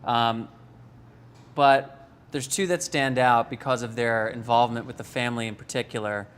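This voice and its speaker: A man interviewing a guest on stage, asking questions in a steady, informative way. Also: medium pitch, moderate pace, smooth.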